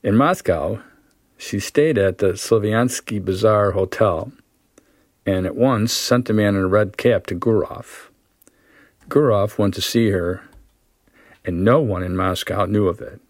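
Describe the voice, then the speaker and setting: A man reading a story aloud at a measured pace, then explaining it with casual fillers as a teacher. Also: on the low side, no echo. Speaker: literature teacher.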